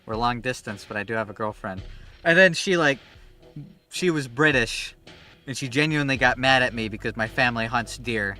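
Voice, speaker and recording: Casting: young male streamer, bright tense voice, rambly and animated, swears a lot, faint game music behind. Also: medium pitch, normal speed. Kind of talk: casual chat while gaming.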